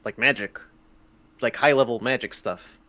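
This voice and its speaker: A man's voice: mid-range voice, moderate pace, bright, forceful tone. A man playing a tabletop game who trades joking, dry asides with the group. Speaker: player. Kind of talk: casual tabletop banter.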